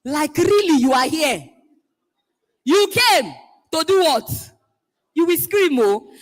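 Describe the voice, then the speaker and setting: A Nigerian woman hosting a live event, calling out schools one by one, playful and teasing, often shouting to get the crowd going. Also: high-pitched, lively intonation, takes it slowly. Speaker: event host.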